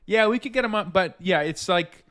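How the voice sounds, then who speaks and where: A man's voice: high voice, brisk, fairly bright tone. A man co-hosting a podcast, chatting casually in a rambling way and laughing often. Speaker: podcast co-host. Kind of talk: casual chat.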